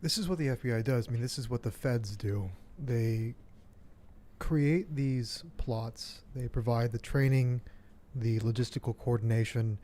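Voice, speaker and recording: A man's voice: mid-range voice, a little mellow. Dry, sarcastic male guest commentator. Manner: dry and sarcastic, measured argument. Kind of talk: political commentary in a talk show.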